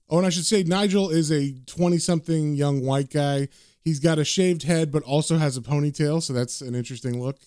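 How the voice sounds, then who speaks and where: A man's voice: a little high, a little fast, darkish tone, no room sound, clean studio sound. A man casually recapping and reading a comic aloud, with loose filler words. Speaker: comic book reader and recapper.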